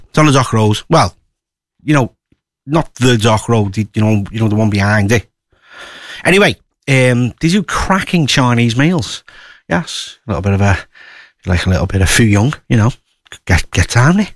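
Chatty radio presenter, lively pitch. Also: male voice, moderate pace, no echo, studio quality. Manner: rambling and chatty, with many fillers and asides. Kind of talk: casual radio chat.

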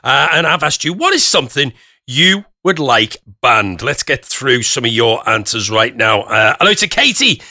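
A man's voice: mid-range voice, sing-song, moderate pace, sharp tone, no room sound, studio quality. A man hosting a radio phone-in, reading out listener messages in a chatty, jokey way that teases callers. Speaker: radio host. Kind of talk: casual radio phone-in chat. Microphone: studio microphone.

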